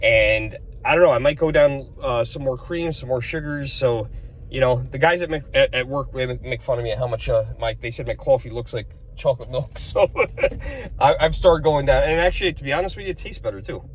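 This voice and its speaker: A man's voice: medium pitch, brisk. A man talking casually to camera in a rambling, chatty way, often chuckling between stories. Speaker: vlogger.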